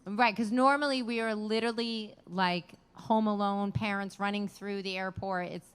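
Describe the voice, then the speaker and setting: A middle-aged woman, chatting and teasing her husband in a lively way. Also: mid-range voice, normal speed, clean tone. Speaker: guest, the host's wife. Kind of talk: casual chat.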